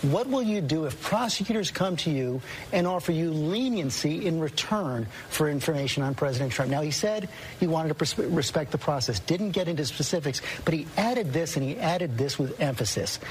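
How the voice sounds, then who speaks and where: Man, TV news anchor, emphatic report, slightly high voice, faint hiss. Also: animated. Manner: measured, emphatic, reporting an interview.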